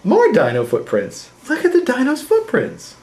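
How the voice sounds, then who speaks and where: A young father playing with his toddler at home, talking in exaggerated sing-song baby talk that leaps into a high voice. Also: wildly swooping pitch, moderate pace. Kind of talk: playful home video chat with a small child. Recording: echoey room with loud background noise.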